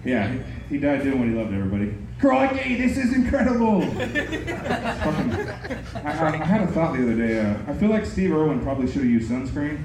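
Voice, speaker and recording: Deadpan stand-up man in an echoey club. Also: mid-range voice, very fast, hardly any pauses. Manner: deadpan one-liners, laughs at his own jokes. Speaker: stand-up comic. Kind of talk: stand-up set at an open mic. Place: comedy club. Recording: very echoey club, noisy room. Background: audience laughter.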